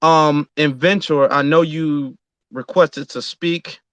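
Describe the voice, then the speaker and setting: A man co-hosting a live audio chat room in a fairly high, dry voice. He talks bluntly, agrees with the host and hands the floor to the next speaker. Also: fairly even intonation, slow pace, no echo.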